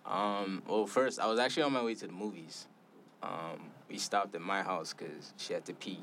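A man's voice: low-pitched, fairly even intonation, normal speed, fairly bright tone, a little hiss or hum. A man in his twenties, a podcast guest, chatting in a laid-back way and laughing often. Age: 20s. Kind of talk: casual chat.

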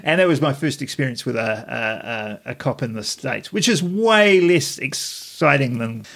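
A man in his fifties from New Zealand who co-hosts a casual podcast, with a mid-range voice. He tells long, rambling stories with frequent pauses and restarts. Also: medium pitch, gravelly. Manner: relaxed, halting, rambling anecdotes. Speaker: podcast co-host. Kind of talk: casual chat.

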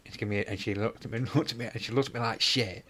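A man's voice: mid-range voice, steady tone, very fast, bright, forceful tone, husky. A man co-hosting a podcast, telling rambling stories full of swearing and acted-out dialogue. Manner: rambling anecdotes, heavy swearing, acts out dialogue. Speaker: podcast co-host. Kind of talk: casual chat.

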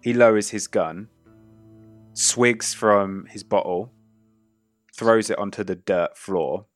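A man's voice: on the low side, slow, soft background music. A man narrating a western tabletop game as game master, describing scenes loosely with many fillers.

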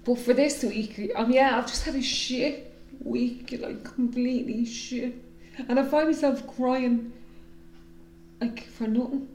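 A woman's voice: on the high side, slow pace, darkish tone. Frank woman in an echoey room. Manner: emotional, frank, swears freely. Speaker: podcast co-host. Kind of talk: candid casual chat.

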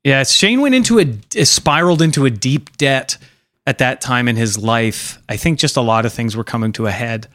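A man's voice: mid-range voice, moderate pace, fairly bright tone, no room sound, studio quality. A young man hosting a casual comedy podcast, rambling loosely, swearing a lot and acting out voices. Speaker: podcast host.

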